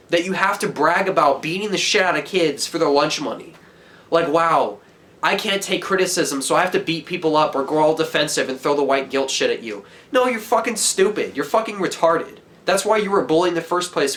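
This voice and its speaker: A teenage boy in a heated, profane rant, yelling at the camera as a vlogger. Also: on the high side. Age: teens.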